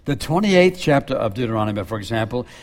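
A man preaches in a relaxed, conversational way, his voice sitting at an ordinary middle pitch. When he quotes scripture, he sinks into a soft, low delivery. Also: fast talker. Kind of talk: sermon.

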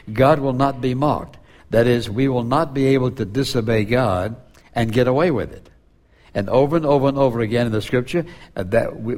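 A male pastor preaching an earnest sermon to a congregation, slowing down when he quotes scripture. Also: mid-range voice, a little mellow.

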